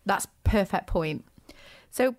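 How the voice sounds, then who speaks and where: A woman hosting a business podcast, chatty and animated, with frequent asides and restarts. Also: medium pitch, takes it slowly, no room sound, studio quality. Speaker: podcast host, business coach. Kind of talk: casual solo podcast talk.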